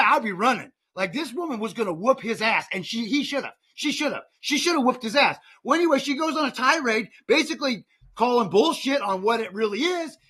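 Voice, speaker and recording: Fired-up ranting man with a high, bright voice. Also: husky. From United States. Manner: heated, ranting, repeats words and restarts. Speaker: podcast host. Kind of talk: political podcast rant.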